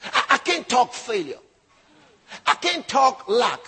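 A man preaching a sermon with emphatic delivery, rising to shouts and acting out quoted voices. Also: extremely high pitch, big pitch swings, slow, slightly rough. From not raised locally; born in another country.

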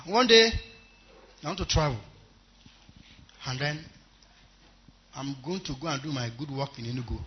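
A Nigerian man from the Yoruba area, a pastor giving a sermon testimony in emphatic storytelling that swings from quiet asides to loud exclamations. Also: mid-range voice, muffled recording, a little hiss or hum.

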